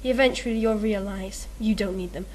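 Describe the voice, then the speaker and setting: A woman's voice: medium pitch, normal speed, a little mellow, a little hiss or hum, close to an everyday voice, poor audio. A woman doing a sly, coaxing shadow double. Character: sly manipulative young male shadow double.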